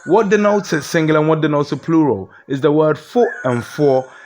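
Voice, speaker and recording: A man's voice: a little high, expressive, brisk, a little mellow, a little hiss or hum. A man with a Ghanaian accent giving a comic mock lecture, explaining word by word and asking rhetorical questions. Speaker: comedian.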